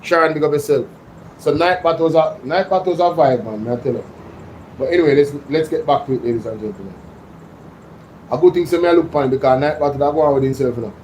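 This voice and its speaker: Jamaican man, livestream host, slightly high voice, excitable, mixes in patois, faint background hum. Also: fast, poor audio. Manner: excitable, slips into patois, addresses chat directly. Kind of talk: casual livestream commentary reading chat.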